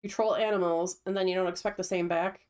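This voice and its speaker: A woman's voice: fairly low pitch, fairly even intonation, fast, a little mellow. A woman chatting casually with a friend on a stream, telling stories in a matter-of-fact way. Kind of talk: casual chat.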